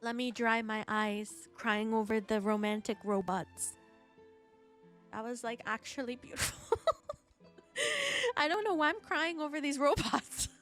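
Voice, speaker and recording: High, gushing woman streaming a game. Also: lively intonation, a little slow, fairly bright tone, faint music behind. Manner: gushing and giggly, talks to chat. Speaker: VTuber streamer. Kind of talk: casual gaming stream chat.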